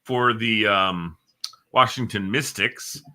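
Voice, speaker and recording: A middle-aged man co-hosting a casual talk show, telling stories with lively acted-out grunts. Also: lowish voice, slow. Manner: animated storyteller, acts out grunts. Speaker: co-host. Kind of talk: casual chat.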